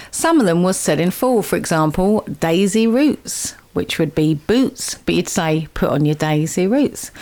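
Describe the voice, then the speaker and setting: Chatty, giggly woman radio host. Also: medium pitch. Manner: chatty and giggly, explains at length. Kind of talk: casual radio chat.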